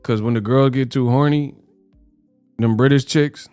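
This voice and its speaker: A man's voice: medium pitch, fairly even intonation, unhurried, a little mellow, clear, resonant tone, no echo. Man on a casual boxing livestream, slangy and joking, dry close mic, faint music underneath. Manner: joking, slangy, puts on mock British voices. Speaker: host.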